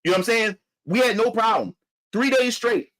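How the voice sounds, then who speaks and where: A man's voice: very high-pitched, a little fast, fairly bright tone, low-quality recording. A man from Philadelphia telling a story in a heated, profane, repetitive rant. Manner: heated, profane, repeats himself. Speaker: vlogger.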